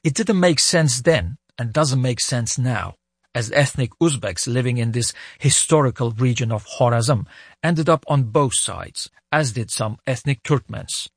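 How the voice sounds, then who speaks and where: A man's voice: medium pitch, animated, unhurried, breathy edge, no echo, studio quality. A man in his forties reading a scripted first-person radio essay in a reflective, storytelling way. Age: 40s. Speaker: correspondent.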